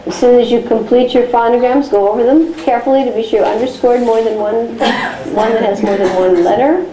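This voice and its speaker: A woman teaching a class, slowly dictating phonics sounds for a test and explaining how each is said. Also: fairly high pitch, roomy sound, a crowd in the background, rough recording. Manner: slow, deliberate dictation of sounds.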